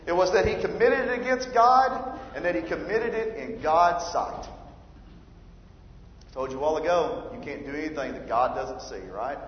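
Pastor guy preaching, gets loud on scripture, big echo hall, kinda muffled. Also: fairly high pitch, lively intonation, moderate pace, a little hiss or hum. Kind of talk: sermon. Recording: roomy hall reverb, dull lo-fi sound.

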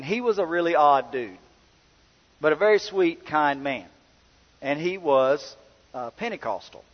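Folksy preacher in a hall. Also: male voice, a little high. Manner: folksy, conversational, with restarts. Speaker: pastor. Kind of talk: sermon with personal storytelling. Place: church. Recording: dull sound with long hall reverb.

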